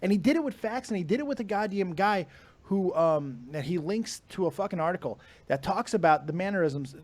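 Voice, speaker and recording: A man's voice: high voice, expressive, fairly quick. A man co-hosting a podcast, ranting in casual chat, swearing hard and laughing often. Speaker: podcast co-host.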